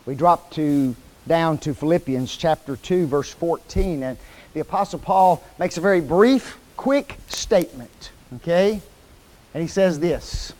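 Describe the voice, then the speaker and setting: A man preaching a sermon in a church, asking the congregation questions and quoting scripture slowly and emphatically. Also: fairly high pitch, rough recording. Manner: lively call-and-response questions to the congregation. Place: church hall.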